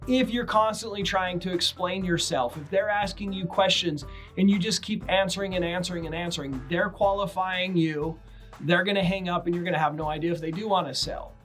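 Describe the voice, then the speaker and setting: A man with a fairly high voice coaching his viewers through cold calling, brisk and direct. He acts out both sides of sample phone calls as he goes. A faint music bed plays under him. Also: fairly even intonation, a bit bright. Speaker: real estate investor teaching cold calling. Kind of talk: instructional talk to camera.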